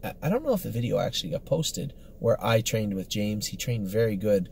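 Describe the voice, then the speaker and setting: A man's voice: on the low side, very animated, a little fast, creaky, darkish tone, slight background noise. A man, a horse trainer, giving a casual, rambling report on the day's training, upbeat and full of fillers and self-corrections.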